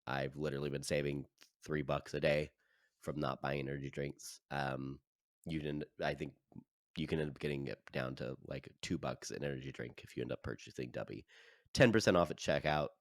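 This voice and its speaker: An extremely deep male voice, close and dry on the mic. He chats and teases in a relaxed podcast banter and drags out his ad reads with fillers. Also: normal speed, no room sound. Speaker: podcast co-host. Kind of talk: casual chat.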